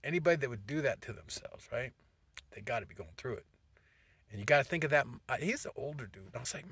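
A man's voice: mid-range voice, lively intonation, quick pace, fairly bright tone, husky, no echo. A middle-aged man giving a rambling, profane motivational talk to his phone camera from a parked car. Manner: profane, meandering, restarts often. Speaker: vlogger.

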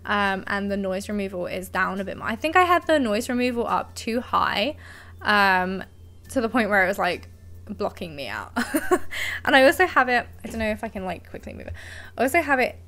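A woman's voice: medium pitch, lively intonation, a little fast, pushed and bright. A young woman chatting casually on her live stream, giggly and affectionate toward her cat, speaking into a desk mic at home. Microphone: desk microphone.

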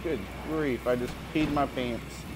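A man's voice: medium pitch, steady tone, unhurried, noisy background. A man giving jumpy, jokey commentary while playing a game, often talking to himself. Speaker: gamer. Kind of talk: let's play commentary.

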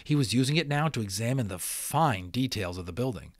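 A man giving a dramatic reading of a children's novel, expressive and adding casual asides. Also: medium pitch, brisk, no room sound, studio quality. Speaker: audiobook reader.

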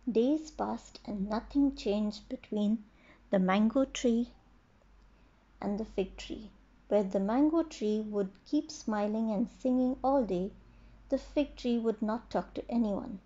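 A woman narrating her own children's storybook in a slow, gentle reading. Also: a little high, dull audio.

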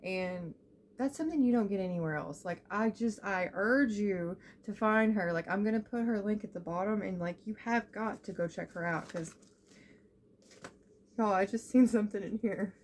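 Excitable girl doing a beauty box unboxing, gushy and chatty, mid pitch, bit of hiss behind. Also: moderate pace. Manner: gushing and excitable, lots of "like" and "y'all". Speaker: beauty vlogger. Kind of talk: casual unboxing chat.

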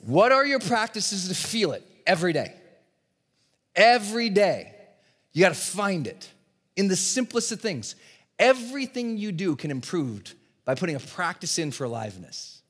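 A man giving an energetic motivational seminar talk to a live audience in a large event hall, often acting out voices in his stories. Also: high-pitched, normal speed, slightly rough. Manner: energetic, animated, acts out dialogue in voices. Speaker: motivational speaker and coach.

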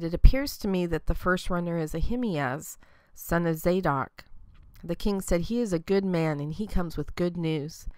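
A woman giving a measured, even reading of Bible scripture. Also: fairly low pitch, smooth, no room sound. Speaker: scripture reader.

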